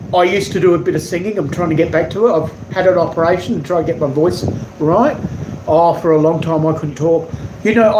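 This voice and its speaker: A man hosting his own live stream, chatting casually, reading out viewer comments and drifting off topic. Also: high voice. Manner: rambling, warm, digressive, stumbles over words. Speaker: live-streaming artist and channel host. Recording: echoey room with loud air-conditioning hum.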